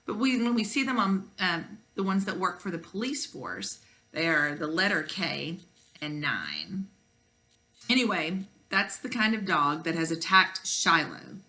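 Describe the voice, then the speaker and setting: A woman's voice: on the low side, animated, a little slow, bright, forceful tone. A woman teacher reading a children's novel aloud, with chatty asides to the kids.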